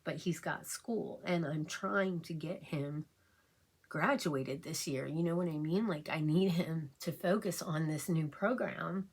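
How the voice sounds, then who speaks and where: A middle-aged woman vlogging at home while she gets ready, rambling and halting with many fillers and restarts, and emotional to the point of tears. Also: low-pitched, slightly rough. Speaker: beauty vlogger. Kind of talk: casual chat while getting ready.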